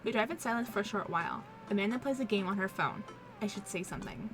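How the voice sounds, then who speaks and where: Frau liest locker ein Spiel vor. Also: female voice, mid-range voice, quick pace, music in the background. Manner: casual, wry narration. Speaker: let's play host. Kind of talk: reading a visual novel aloud.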